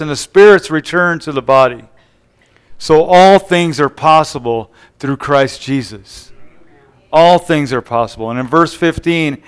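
A man's voice: a little high, a bit bright, clean tone. A man preaching a sermon, retelling scripture scenes with quoted dialogue and frequent call-and-response asides.

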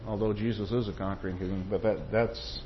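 A man's voice: fairly low pitch, steady tone, fairly quick, lo-fi sound, a little hiss or hum. A man preaching a sermon, reading quotations with rising force and checking in with the congregation. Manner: tag questions to the congregation.

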